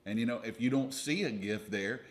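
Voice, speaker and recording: A young man co-hosting a ministry video with his wife, giving steady, earnest advice in a casual, preacher-like way. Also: medium pitch, fairly quick. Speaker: ministry leader, co-host with wife.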